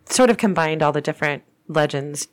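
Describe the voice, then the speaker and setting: Low-voiced woman spinning a ghost story. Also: a little fast. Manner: chatty, rambling, with frequent restarts. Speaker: paranormal podcast host. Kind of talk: casual storytelling.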